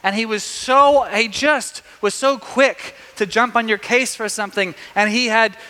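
A man preaching a sermon, telling a story in a lively way with many restarts. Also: high-pitched, measured pace, in a large hall.

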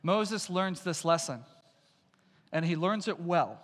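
A man's voice: high-pitched, lively intonation, slow, long reverb tail. A man preaching a sermon as pastor, emphatic and repeating lines for stress.

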